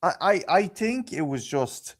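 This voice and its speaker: A man's voice: a little high, big pitch swings, unhurried. Irish man ranting, stammering. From Ireland. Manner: rambling, stammering restarts, bursts into loud swearing rants. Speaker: guest podcaster. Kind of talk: casual chat. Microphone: video call.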